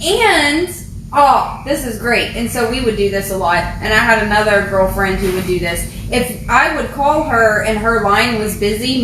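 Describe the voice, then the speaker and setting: A middle-aged woman with a Texan accent, co-hosting a podcast and telling stories in an animated, casual way. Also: on the high side, noisy background. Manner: chatty, animated storyteller. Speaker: podcast co-host. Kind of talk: casual chat. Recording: echoey room from a distance.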